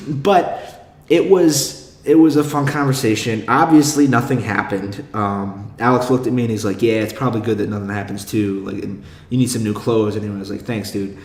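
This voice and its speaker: A young adult man hosts a podcast, rambling in a self-deprecating casual monologue full of fillers and swearing. His voice is on the low side, with fairly even intonation and a moderate pace. The room is echoey.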